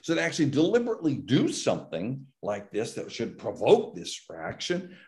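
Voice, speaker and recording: A man's voice: mid-range voice, wildly swooping pitch, normal speed, darkish tone. A man who is a psychology professor, giving an explanatory academic talk over a video call, with frequent restarts and repeated words. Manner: explanatory, acts out patients' worried voices, many restarts.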